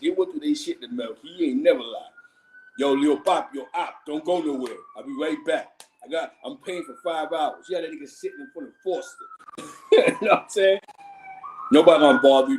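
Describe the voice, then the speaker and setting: A man's voice: on the high side, a little hiss or hum, poor audio. A man from Harlem, hosting a livestream and telling street stories in slangy talk with frequent laughter. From Harlem, New York. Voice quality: slangy, laughs often, animated. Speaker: livestream host. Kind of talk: casual street storytelling.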